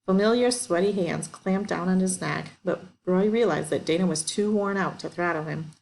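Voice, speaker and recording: Woman reading a story, steady and low. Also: moderate pace, vocal fry, slight background noise. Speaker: audiobook reader. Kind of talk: scripted narration.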